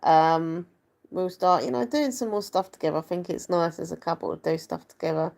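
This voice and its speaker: A young woman vlogger talks casually to her camera. She rambles and pokes fun at herself, her voice sitting slightly low for a woman. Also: fairly quick, vocal fry, a little mellow. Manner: chatty, rambling, self-deprecating.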